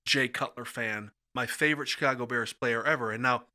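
A middle-aged man telling funny stories in a casual podcast chat, acting out the voices in them with big jumps up and down. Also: brisk. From Midwestern United States. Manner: acts out quoted voices with big jumps in pitch and loudness. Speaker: storyteller guest. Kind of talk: animated storytelling chat. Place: podcast studio.

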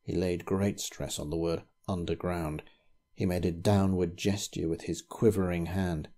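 A man reading a ghost story aloud in a measured, grave storytelling manner. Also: low-pitched, steady tone, mellow. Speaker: narrator.

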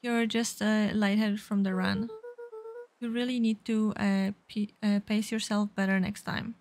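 A woman's voice: mid-range voice, level tone, a little slow, a little mellow, faint music behind, close to an everyday voice. A woman reading the lines of a cocky young boy adventurer in a game. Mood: boastful.

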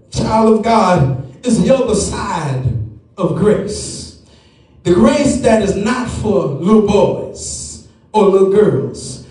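A man preaching a sermon, stretching his words slowly and rising into chanted, shouted whooping. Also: sits high. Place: large church sanctuary. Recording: echoey church room, mic far off.

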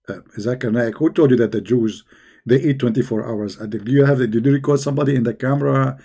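A man's voice: medium pitch, creaky, a little mellow, husky. Sarcastic man hosting a call-in show. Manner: sarcastic, teasing, halting with fillers. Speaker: host.

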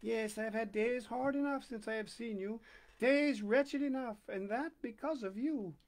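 A man's voice: extremely high pitch, normal speed. A man voicing a worn-down, proud working woman in a read-aloud story, speaking in an earnest, plain way.

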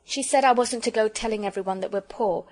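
An earnest, polite young girl from a children's storybook, eager and a little shy, voiced by a woman reading aloud. Her voice is lifted a touch above the reader's own middle pitch. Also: fairly quick, darkish tone, lightly acted.

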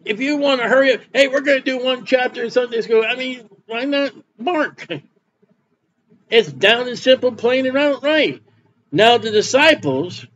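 A man delivers a sermon in a folksy, plainspoken way, doubling back over his words as he reads scripture and explains it. His voice sits fairly high for a man. The recording is slightly dull, with a faint hiss underneath. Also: a bit bright. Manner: folksy preaching with repeated words and Bible reading. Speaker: pastor.

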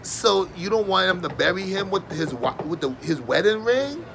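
A man's voice: high voice, animated, moderate pace, creaky, a bit bright, a little hiss or hum. A man doing a profane comedic rant, mocking and sarcastic, swearing constantly and breaking into fake wailing.

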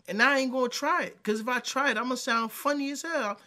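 Man, from new york, casual reaction commentary, high bright voice, lively swings in pitch. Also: fairly quick. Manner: animated, rising excitedly when ranting. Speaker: commentary host reacting to clips.

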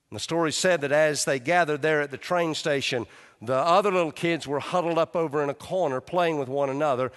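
A man preaching a sermon as pastor, fervent and rising, then dropping to a hushed, slow intimacy. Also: on the high side. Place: large church sanctuary. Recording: live church hall reverb.

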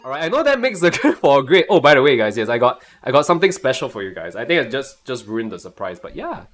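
A young man with a Singaporean English accent, chatting casually and excitably on a live stream and laughing often. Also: mid-range voice, quick pace.

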